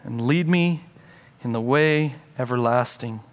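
A man's voice: mid-range voice, a little slow. A man pastor delivering a sermon, telling a story with earnest feeling and acting out prayers and conversations.

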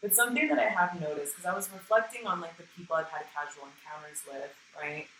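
A woman's voice: lowish voice, fast talker, a bit bright. A woman talking frankly and casually in a conversation, swearing freely and often acting out what she said. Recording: roomy sound from some distance with faint noise.

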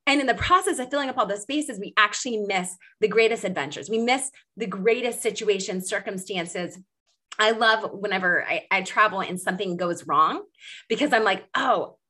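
A woman's voice: mid-range voice, normal speed, bright, forceful tone. A woman hosting a faith podcast, reflective and enthusiastic, laughing easily as she talks. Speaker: podcast host.

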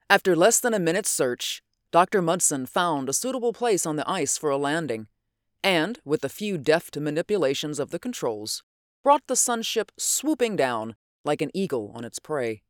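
A narrator reading an adventure story in measured, unhurried scripted narration. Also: medium pitch, big pitch swings, dry recording, studio quality. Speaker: audiobook narrator.

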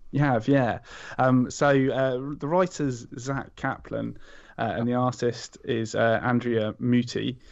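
Gravelly hesitant man. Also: mid-range voice, steady tone, takes it slowly. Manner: hesitant, many ums and restarts. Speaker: podcast guest. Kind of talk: casual chat recommending a comic. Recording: slightly dull lo-fi sound.

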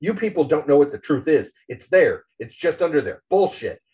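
A man's voice: fairly high pitch, sing-song, moderate pace, mellow, highs cut off. A man doing a furious, foul-mouthed cynical journalist. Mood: ranting. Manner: angry ranting, profane.

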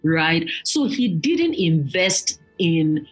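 Husky woman telling her story. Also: sits low, very slow, low-quality recording. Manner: earnest, animated when quoting others. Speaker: guest. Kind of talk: reflective storytelling.

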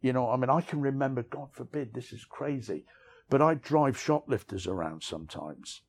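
A middle-aged man with a gravelly, creaky voice tells his own story as an interview guest. He rambles candidly and keeps checking in with "you know what I mean". His pitch sits in an ordinary middle range. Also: normal speed, darkish tone.

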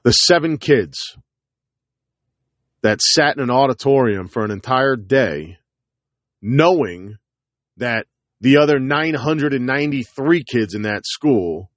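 Blunt, profane man ranting to camera. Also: dry recording. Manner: blunt, profane, hammering short repeated phrases; alternates forceful jabs with low, gruff asides. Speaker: parent addressing viewers. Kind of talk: heated direct-to-camera monologue.

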